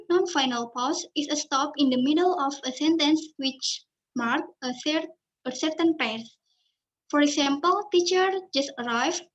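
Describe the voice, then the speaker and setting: High-pitched woman reading class slides slowly, bit muffled lo-fi audio. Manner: careful, halting reading with restarts. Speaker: student presenter. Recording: dull lo-fi recording.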